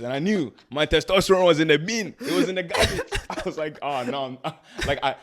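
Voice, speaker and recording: A man's voice: on the high side, a little fast, few pauses, a little hiss or hum. A young man, a guest on an interview show, telling his story in casual chat, laughing often and acting out what people said. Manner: animated storytelling, laughs often, acts out quotes. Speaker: guest, spoken word artist.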